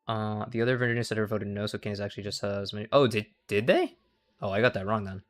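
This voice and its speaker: A man's voice: lowish voice, fast talker, soft background music. A young man streaming casual political commentary, rambling, swearing freely and cutting himself off mid-sentence. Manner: profane, rambling, self-interrupting.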